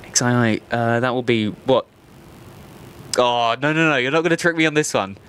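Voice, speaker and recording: An Australian man with a mid-range, fairly bright and smooth voice hosts a live plane-spotting stream outdoors at an airport. Speaking at a moderate pace, he chats casually, rambles, and jokes at his own expense, laughing often.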